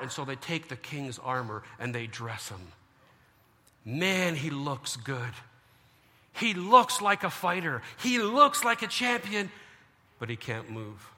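A man preaching a lively sermon, joking and acting out the people of the story. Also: medium pitch, slow pace, long reverb tail. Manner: animated, joking, acts out biblical figures. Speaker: pastor.

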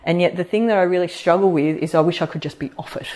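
A woman's voice: lowish voice, quick pace. A middle-aged woman hosting a podcast, talking casually to an audience and acting out quoted voices. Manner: chatty, animated, acts out quoted voices. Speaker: podcast host and practitioner. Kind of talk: casual live talk to an audience.

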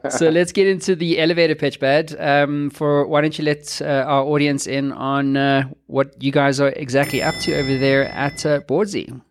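A man's voice: fairly high pitch, flat delivery, moderate pace, hardly any pauses, a little hiss or hum. Upbeat laid-back male podcast host. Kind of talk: casual interview.

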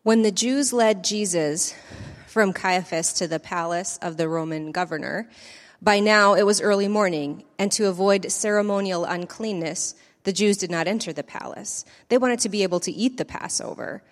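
A woman reading the creed and scripture aloud in church at a measured, deliberate pace. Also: mid-range voice, big-room sound. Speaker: lay scripture reader.

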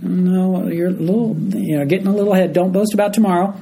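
A man's voice: high-pitched, steady tone, fast talker, gravelly, warm tone, a little hiss or hum, rough recording. A man teaching a group Bible study, explaining a passage verse by verse and often checking in with his listeners.

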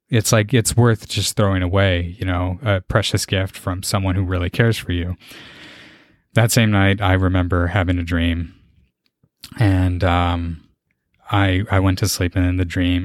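An earnest young man shares his personal faith testimony as a podcast host. His voice sits low and moves haltingly, often carrying emotion. The recording is dry and close, with no room sound. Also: no room sound.

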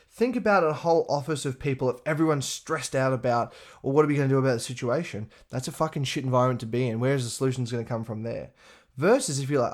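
A man giving a profane, animated motivational talk. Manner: profane, animated, acts out others in a higher voice. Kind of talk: casual motivational monologue.

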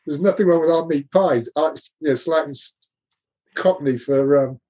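A man's voice: fairly high pitch, moderate pace, warm tone, dull audio. An older man, a former rugby coach, telling anecdotes in a casual interview, laughing often and restarting his sentences.

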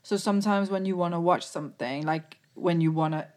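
A woman's voice: lowish voice, a little fast, darkish tone. A woman co-hosting a podcast, chatting loosely and giggling as she reads listener letters aloud. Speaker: podcast co-host. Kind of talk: casual chat.

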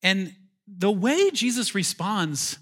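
A man preaching a sermon in a church in a casual, animated, self-interrupting way, with chuckling asides. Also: sits high, slow, husky. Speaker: pastor.

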